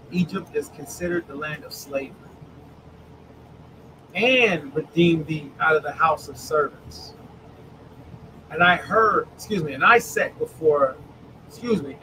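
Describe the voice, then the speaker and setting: Animated high-voiced male preacher. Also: background noise. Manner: animated, calls on listeners by name, reads scripture slowly. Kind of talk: online Bible study sermon.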